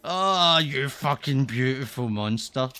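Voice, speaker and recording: A man's voice: medium pitch, lively intonation, slow, bright, forceful tone, a little hiss or hum. A man streaming a zombie game, rambling and swearing with lots of laughs. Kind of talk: casual gaming commentary.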